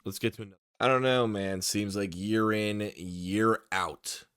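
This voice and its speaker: Low-voiced man giving excited draft takes. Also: measured pace, clean tone, no room sound, studio quality. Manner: opinionated, excitable, talks to the viewer. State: tired, late at night. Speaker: sports YouTuber. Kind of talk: casual draft commentary.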